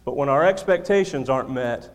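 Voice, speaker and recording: Brisk and expressive at a medium pitch, a man preaches to his congregation, stressing and repeating key lines and adding some self-deprecating humor. His handheld or stand microphone picks up long hall reverb in the church sanctuary.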